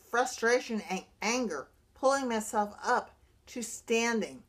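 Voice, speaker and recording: Earnest woman talking with halting restarts. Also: on the high side, animated, fairly bright tone. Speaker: brain injury survivor sharing recovery advice. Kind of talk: personal vlog monologue.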